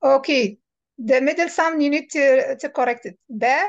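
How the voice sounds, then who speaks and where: A woman with a high, light voice guides a beginner through a reading lesson as a tutor. She is patient and repeats each word slowly and clearly so the learner can copy it. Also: highs cut off. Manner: patient, repeats words slowly to model pronunciation. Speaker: Arabic tutor.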